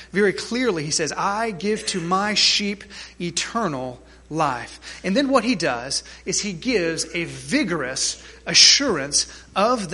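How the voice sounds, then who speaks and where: A male pastor delivers a sermon in a high, bright, forceful voice. He preaches emphatically and keeps asking his congregation questions. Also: slightly rough.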